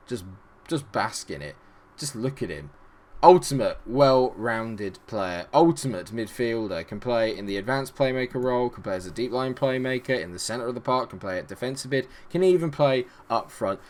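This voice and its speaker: A man giving chatty, excitable commentary on a management game, full of rambling asides. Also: medium pitch. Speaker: gaming YouTuber.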